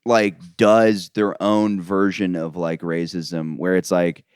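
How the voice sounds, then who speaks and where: A man's voice: deep voice, flat delivery, slow pace, a little mellow, clear, resonant tone, dry recording, studio quality. A man from Florida hosting a casual comedy podcast, rambling with lots of fillers. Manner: rambling, filler-heavy, frequent "like". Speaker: podcast host.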